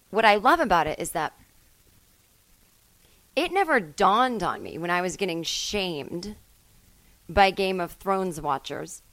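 A woman hosting a solo comedy podcast from home, rambling and self-mocking, with sudden loud bursts. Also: fairly low pitch, no echo, low-quality recording. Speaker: podcast host.

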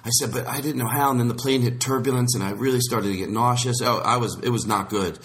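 A man's voice: mid-range voice, quick pace, a bit bright, a little hiss or hum. A man hosting a podcast in casual chat, rambling and restarting his sentences, slipping into voices when he quotes people. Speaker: podcast host.

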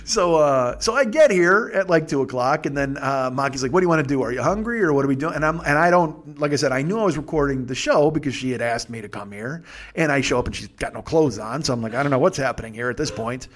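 A man's voice: mid-range voice, fairly quick. A man hosting a podcast, telling a rambling, profane comic story and laughing as he goes. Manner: profane, digressive, laughs through his stories. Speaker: podcast host.

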